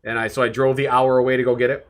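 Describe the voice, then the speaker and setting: A man's voice: mid-range voice, flat delivery, very fast. A middle-aged man co-hosting a podcast in casual, jokey, rambling chat. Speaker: podcast co-host.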